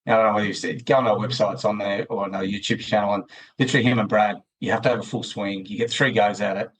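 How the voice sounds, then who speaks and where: A man's voice: on the low side, steady tone, fast, fairly bright tone, breathy edge, rough recording. A man with an Australian accent, a podcast guest talking at length in a loose, rambling way full of restarts. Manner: rambling, many restarts and fillers. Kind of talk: casual interview chat.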